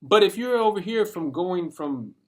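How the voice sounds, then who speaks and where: A man's voice: high voice, lively intonation, moderate pace. A man giving a passionate, profane motivational rant full of street slang, talking straight to his viewers. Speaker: vlogger. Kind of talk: casual motivational rant to camera.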